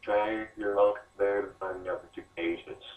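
A man joining over voice chat, talking quietly and haltingly with a glitchy, robotic-sounding voice. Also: lowish voice, steady tone. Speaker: guest friend on voice chat. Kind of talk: casual game advice. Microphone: online voice chat. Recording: laggy voice chat, distant, echoey, dull.

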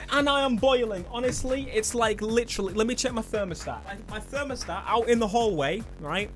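A young man on a headset, chatting through a let's play with excitable outbursts. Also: high-pitched, fairly quick, hardly any pauses. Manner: chatty, excitable, bursts into loud exclamations. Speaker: gaming YouTuber. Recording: game music loud behind voice.

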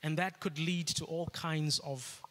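A man's voice: fairly high pitch, steady tone, measured pace, a bit bright. Earnest male pastor in an echoey hall. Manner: earnest, repeats phrases for emphasis. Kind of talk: sermon. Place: church hall.

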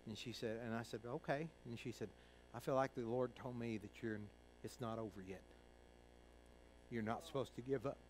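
A middle-aged male pastor from Kentucky preaching a sermon, telling a personal story in a folksy way, acting out the voices of others and moving between hushed and loud. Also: medium pitch, moderate pace, slight background noise, rough recording.

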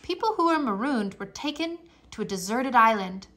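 Lively bright-voiced woman reading aloud. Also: on the high side, normal speed. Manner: expressive storybook reading with playful exclamations. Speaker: reader. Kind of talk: reading a children's nonfiction book aloud.

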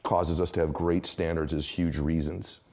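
A middle-aged interview guest tells motivational stories in a bass voice at normal speed, with emphatic, animated delivery.

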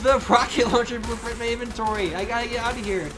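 A young man giving excitable live commentary on a survival game he is playing, with frequent outbursts and laughs. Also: very high-pitched, fast talker, few pauses. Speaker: gaming channel host. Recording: faint game music behind.

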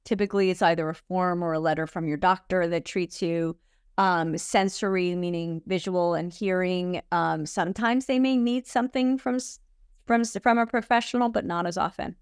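A woman's voice: lowish voice, steady tone, normal speed, clean tone, dry recording, clean studio sound. A woman guest speaking as an expert on college disability services, explaining things conversationally with frequent fillers and self-corrections. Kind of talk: conversational interview.

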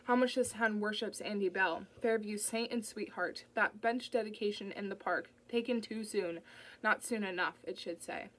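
A woman's voice: mid-range voice, normal speed, a bit bright, lightly acted, poor audio. Nat, a bitter sneering young woman voiced by a woman.

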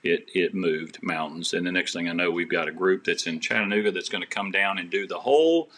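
A man's voice: deep voice, fairly quick, fairly bright tone. A man who is a podcast guest, telling a personal story with faith at its heart in an earnest, rambling way, with many restarts.

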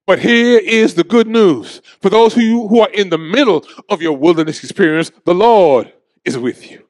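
A man's voice: high voice, normal speed, no room sound, clean studio sound. A man preaching a sermon in a church, calling on the congregation to answer back. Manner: shouting preacher with call-and-response. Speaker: pastor. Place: church sanctuary.

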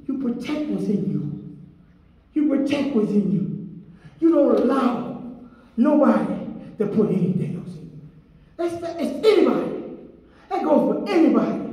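High-voiced preacher man in an echoey hall. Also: recorded from a distance. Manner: impassioned preaching, rising to shouts and sung phrases. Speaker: minister. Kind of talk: sermon.

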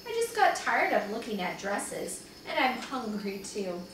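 A woman doing an eager hungry little boy in a storybook, high chirpy voice, bright and excited, sounding from far off in a very echoey room. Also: a little slow, a little hiss or hum. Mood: puzzled.

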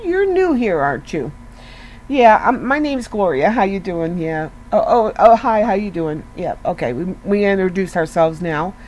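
A woman's voice: medium pitch, a little mellow, a little hiss or hum, rough recording. Earnest woman giving a chatty devotional. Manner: conversational, earnest, peppered with "you know" and rhetorical questions. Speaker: devotional speaker. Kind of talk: casual devotional talk.

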